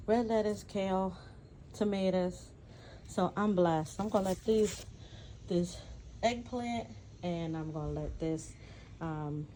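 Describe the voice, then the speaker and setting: A woman from New Jersey giving a chatty, excitable tour of her garden on a phone camera. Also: fairly low pitch, slight background noise, low-quality recording. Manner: chatty, excitable, says y'all often. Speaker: vlogger. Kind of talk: casual garden tour vlog. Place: outdoor garden.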